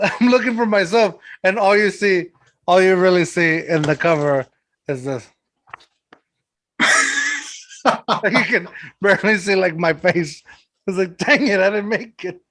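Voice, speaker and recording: This host's voice is fairly high and somewhat bright, and he speaks at normal speed with frequent pauses. He's from San Antonio, Texas, and tells loose stories on his podcast, saying "like" a lot and laughing often.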